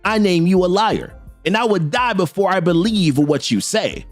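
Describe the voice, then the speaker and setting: A man voicing a loyal male alien advisor in a measured, lowered reading voice. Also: animated, soft background music. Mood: solemn.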